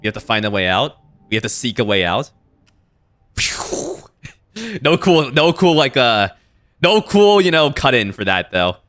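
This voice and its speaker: A man streaming a video game, giving animated, swear-heavy commentary with frequent reactions. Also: mid-range voice, measured pace, long pauses. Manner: animated, swears and laughs often. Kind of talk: casual let's-play commentary.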